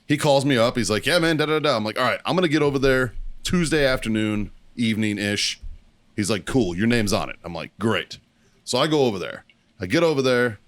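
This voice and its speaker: Profane, animated male podcast host. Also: fairly quick, no echo. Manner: profane storytelling, quotes others in a lower voice. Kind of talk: casual chat.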